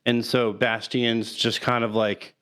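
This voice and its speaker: Male podcast co-host, smooth voice, halting casual film talk. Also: mid-range voice, flat delivery, fairly bright tone. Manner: rambling, halting, laughs through sad moments.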